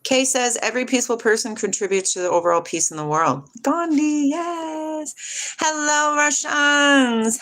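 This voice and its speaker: A middle-aged woman hosting a casual spiritual livestream, reading viewers' comments aloud and answering them with lots of laughter. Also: normal speed. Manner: animated, laughs often, jumps between hushed and high. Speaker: livestream host reading chat.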